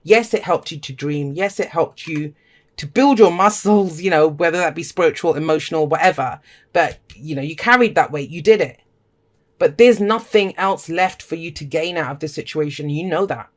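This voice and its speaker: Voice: mid-range voice, moderate pace. A tarot reader giving a casual, emphatic reading to camera, talking straight to viewers with blunt language and pep-talk encouragement. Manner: blunt and emphatic, swears freely.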